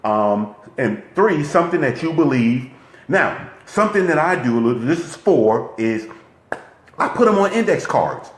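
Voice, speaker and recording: A man's voice: medium pitch, measured pace, reverberant. A man giving a motivational coaching talk, who keeps checking in with his listeners. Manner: lively, repetitive, checks in with "okay?". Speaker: relationship coach.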